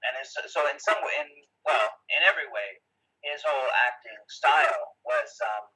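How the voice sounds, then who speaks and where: Bright, husky man thinking aloud. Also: medium pitch, expressive, moderate pace, low-quality recording. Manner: hesitant, many filler sounds and restarts. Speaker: interview guest. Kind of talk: casual explanatory conversation. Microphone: video call.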